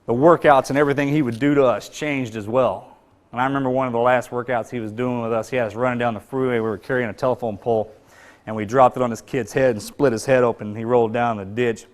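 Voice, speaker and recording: A man giving an intense, emphatic motivational speech, telling stories in casual phrasing and getting louder when he retells a drill instructor's shouts. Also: medium pitch. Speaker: motivational speaker. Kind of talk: storytelling speech.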